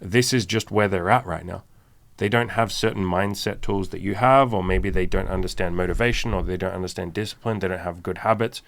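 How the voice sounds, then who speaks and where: A man with a lowish, gravelly voice co-hosts a relaxed podcast conversation. He speaks candidly and with emphasis, dropping casual swears as he goes. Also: brisk, few pauses. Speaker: podcast co-host. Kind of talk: casual chat.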